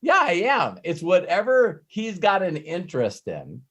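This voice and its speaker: A middle-aged man hosting a live coaching call, telling stories in an animated way and laughing as he goes. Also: sits high, unhurried. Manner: animated storyteller who laughs and acts out quotes. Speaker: host and business coach.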